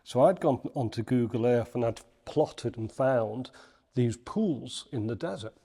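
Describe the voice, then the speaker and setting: Animated Liverpool man telling a story. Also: mid-range voice, a little slow, vocal fry. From Liverpool, England. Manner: animated anecdote-telling with acted quotes and laughs. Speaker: podcast guest. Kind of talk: storytelling in casual interview.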